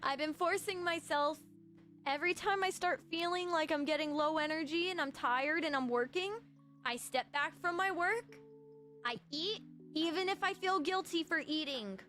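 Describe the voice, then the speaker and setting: A high, bright young-sounding woman chatting to her stream viewers in a bubbly, excitable way, tipping into shrill squeals. Faint music plays behind her voice. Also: moderate pace. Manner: bubbly, excitable, bursts into high shrieking outbursts. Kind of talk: casual chat to stream viewers.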